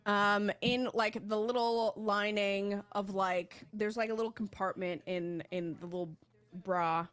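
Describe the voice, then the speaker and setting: A woman player casually narrating her character's actions, halting with many "like"s. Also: mid-range voice, steady tone, fairly bright tone, smooth.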